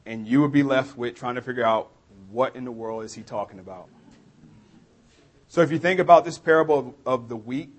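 A pastor with a New Orleans accent delivers a sermon in a chatty, story-driven manner. His voice sits at an ordinary middle pitch for a man, neither deep nor high. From New Orleans area, USA. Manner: conversational storytelling preacher.

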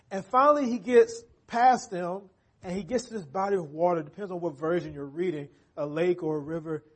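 Casting: husky, high-pitched male pastor, chatty sermon delivery in a church. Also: a little mellow. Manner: conversational, checks in with the congregation.

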